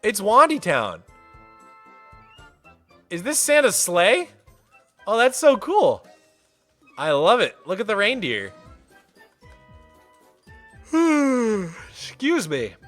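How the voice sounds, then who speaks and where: Lively, bright-voiced male streamer. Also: high-pitched. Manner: animated, playful, laughs often; soft baby talk to his cat. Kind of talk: casual livestream chat.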